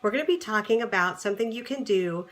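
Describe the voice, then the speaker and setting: A woman relationship coach speaks casually to the viewer at a middle pitch. She is chatty and animated and slips into acted-out snippets of conversation as she explains her tip. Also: fast talker, a little hiss or hum. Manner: chatty and animated, acts out quoted dialogue. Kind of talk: casual advice talk to camera.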